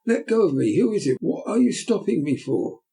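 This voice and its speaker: A man voicing a frightened young boy who protests in a high, panicked voice, in a read-aloud classic novel. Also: sing-song, fairly quick, creaky, warm tone. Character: frightened orphan boy, struggling.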